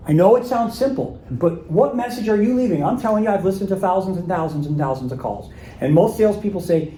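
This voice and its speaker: A man's voice: high-pitched, sing-song, fast talker, dark tone, reverberant, slight background noise, low-quality recording. A man leading a live sales workshop, talking casually and acting out sample voicemails and emails. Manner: conversational, acts out sample calls and emails. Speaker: sales trainer.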